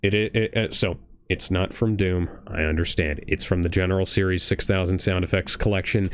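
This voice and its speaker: A man with a fairly low voice co-hosts a livestreamed reaction show, explaining things in a rambling way with many restarts. He curses now and then and corrects himself in the middle of sentences. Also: steady tone, a little fast, smooth. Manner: rambling, self-correcting, profane. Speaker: podcast co-host. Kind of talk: casual reaction chat.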